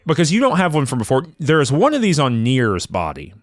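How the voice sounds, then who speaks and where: A man co-hosting a podcast, telling his game story in a playful, animated way. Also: mid-range voice, a little fast, no room sound. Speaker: podcast co-host. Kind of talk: casual gaming chat.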